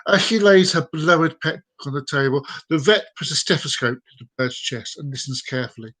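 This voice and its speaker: A man's voice: on the high side, animated, a little fast, fairly bright tone. A man hosting a live stream, telling jokes with chatty asides and laughing along. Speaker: host. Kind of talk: joke telling.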